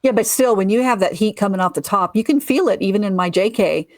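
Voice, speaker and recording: A woman co-hosting a talk show, upbeat and chatty, quick to agree in casual talk. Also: medium pitch, no room sound. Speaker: podcast co-host. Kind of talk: casual chat.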